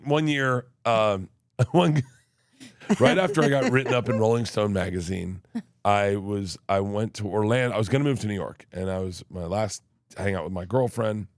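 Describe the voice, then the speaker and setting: A man tells outrageous personal stories with comic timing. He jumps into loud, laughing impressions of the people in each story. The recording is dry and close. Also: on the low side, normal speed, no echo. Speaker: guest storyteller.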